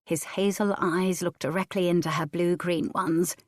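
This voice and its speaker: A woman reads a historical romance audiobook in measured, even scripted narration. Her voice is on the low side, and the recording is dry, close, and free of echo.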